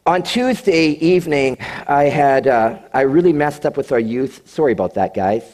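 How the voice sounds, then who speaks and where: A man's voice: medium pitch, animated, moderate pace, darkish tone. A male pastor preaching to his congregation, encouraging them and adding joking asides. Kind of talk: sermon.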